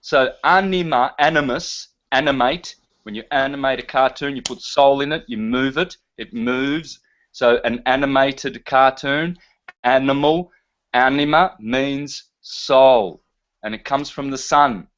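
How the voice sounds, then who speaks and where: A man's voice: medium pitch, a little slow, fairly bright tone. A man talking in a casual chat, emphatic and preachy in manner. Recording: dull lo-fi sound.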